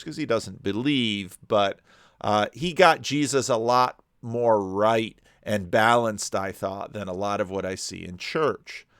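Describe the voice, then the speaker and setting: A man pausing a video to comment on it, rambling and restarting his sentences often. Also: on the low side, fairly bright tone, clean tone, no echo, clean studio sound. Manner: digressive, frequent restarts and repeated words.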